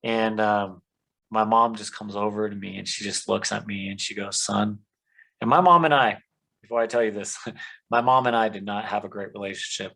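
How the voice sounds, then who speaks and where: A man's voice: on the low side, steady tone, normal speed, creaky, pushed and bright, low-quality recording. A man earnestly telling his life story as a podcast guest, with many "um"s and "you know"s. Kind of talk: conversational testimony.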